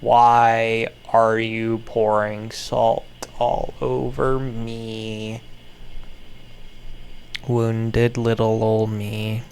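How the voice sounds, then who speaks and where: A man in his twenties performing a slow, anguished sung monologue, repeating his lament in a self-pitying way. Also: lowish voice, level tone, darkish tone, slight background noise. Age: 20s.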